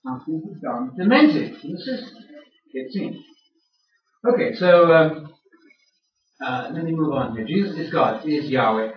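A man's voice: on the high side, expressive, moderate pace, long pauses. An older man giving a sermon-style lecture, teasing his audience with questions. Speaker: speaker addressing a church audience. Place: large room with an audience. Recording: echoey room, far from mic, dull sound.

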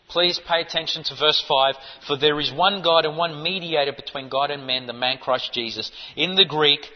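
A man preaching a sermon in an emphatic, insistent way, pressing his listeners with rhetorical questions. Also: fairly high pitch. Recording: dull muffled sound with long hall reverb.

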